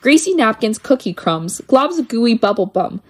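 A woman's voice: fairly high pitch, very animated, normal speed. Woman reading children's poems, sing-song. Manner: lilting, playful sing-song delivery. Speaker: poetry reader.

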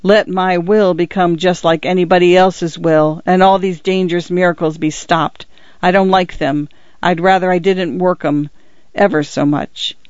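A man's voice: high-pitched, steady tone, moderate pace, smooth, dry recording, muffled recording, natural voice. A man voicing a flustered, middle-aged ordinary clerk out of his depth, speaking in plain colloquial grammar in an audiobook. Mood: earnest pleading. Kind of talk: audiobook character voice.

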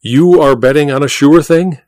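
A man voicing an excitable, dapper gentleman who speaks in an urgent, insistent way. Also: fairly high pitch, normal speed, no room sound, studio quality, close to an everyday voice. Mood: excited.

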